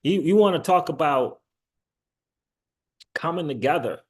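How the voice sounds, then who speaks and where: A man hosting his own online channel, talking in a loose, rambling way, laughing often and rising in pitch when he gets excited. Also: a little slow, slightly rough. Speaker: crypto channel host. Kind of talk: casual livestream commentary.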